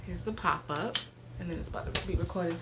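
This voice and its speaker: A woman's voice: fairly low pitch, a little fast. A woman hosting a casual chat, playful and laughing often. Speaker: host. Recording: roomy, distant, noisy.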